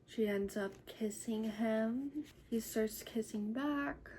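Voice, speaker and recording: A woman's voice: on the high side, slow pace, darkish tone, poor audio. A woman recapping a novel chapter by chapter in a chatty, casual way, full of "like" fillers. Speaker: book reviewer. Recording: noticeable background noise.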